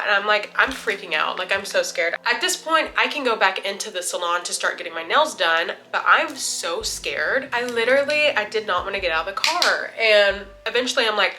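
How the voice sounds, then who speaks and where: A woman beauty vlogger tells a story while doing her makeup, chatting casually with lots of "like" and retelling events animatedly. Her pitch is medium, and she talks briskly with hardly any pauses.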